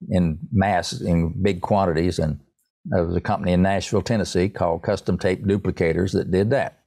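A man's voice: sits low, fairly even intonation, fairly quick, creaky, mellow, dry recording, studio quality. A man being interviewed, telling a long rambling story about his music and often restarting his sentences. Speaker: songwriter guest.

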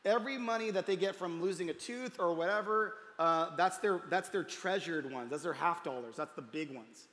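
Guy pastor telling a story from the pulpit, high voice, long echo in the hall, goes quiet on the soft bits. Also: moderate pace, hardly any pauses. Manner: storytelling, voices quotes, softens to near hush at tender moments. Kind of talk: sermon story. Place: church hall. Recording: roomy hall reverb.

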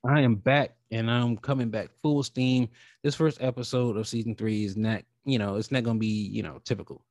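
A man hosting his own podcast in a casual, rambling way, talking with animated feeling and casual swearing. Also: medium pitch, normal speed, no room sound, studio quality. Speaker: podcast host. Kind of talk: casual solo podcast talk.

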